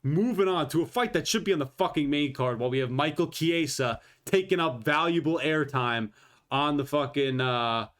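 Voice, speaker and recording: A man's voice: fairly high pitch, moderate pace, a bit bright. A man giving a casual, rambling, profane breakdown of upcoming MMA fights with predictions.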